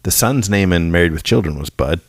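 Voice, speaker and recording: A man with a very low voice co-hosts a casual podcast. He talks in an easygoing way, laughs often and fills gaps with ums and uhs. The close mic sounds dry with no room echo. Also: animated, fairly quick, creaky. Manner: easygoing, laughs a lot, many fillers. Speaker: podcast co-host.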